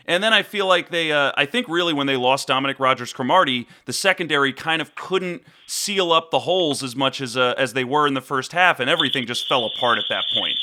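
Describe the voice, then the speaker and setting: A man hosting a casual sports discussion, excitable and swearing, steering the conversation between guests. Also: mid-range voice, fairly quick, hardly any pauses. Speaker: podcast host.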